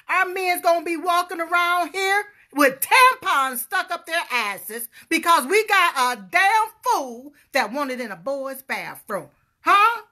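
A woman giving a loud, emphatic political rant to her viewers, calling out to them often. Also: extremely high pitch. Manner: loud, emphatic, calls out to viewers, punctuates with "huh?". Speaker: political vlogger.

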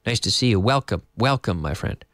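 A man's voice: on the low side, no room sound, studio quality. A man teaching to Spanish speakers, explaining patiently and repeating words. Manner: lively, explains slowly with repetition and Spanish glosses. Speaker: English teacher. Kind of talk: casual online English lesson for Spanish speakers. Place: in Madrid.

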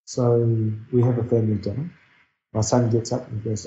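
A middle-aged New Zealand man with a New Zealand accent tells a personal story earnestly and reflectively. His voice is dark and mellow. The recording is dull and echoey. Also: mid-range voice, little pitch movement, normal speed. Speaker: guest speaker. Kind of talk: personal storytelling in a podcast interview.

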